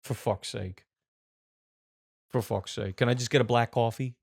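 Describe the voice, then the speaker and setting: A man's voice: mid-range voice, fairly even intonation, measured pace, gravelly, a little mellow, voice pushed down. A man voicing an impatient, angry Italian man ranting at a coffee shop counter, with a put-on Italian accent. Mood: exasperated. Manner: exasperated, ranting.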